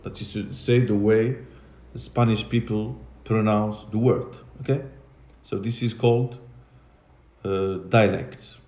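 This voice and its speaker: In an echoey classroom, a man from Morocco gives an English lesson at a measured pace, his lowish, darkish voice fairly even in intonation. He repeats and spells words patiently and slips into Arabic and French.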